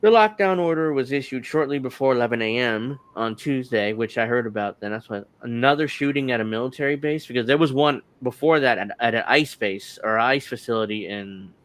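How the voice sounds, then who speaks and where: A man's voice: mid-range voice, fairly bright tone, smooth, no echo. A male podcast host from New Jersey chatting casually and reading news stories aloud with frequent ums and restarts. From New Jersey, United States. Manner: halting, many ums while reading.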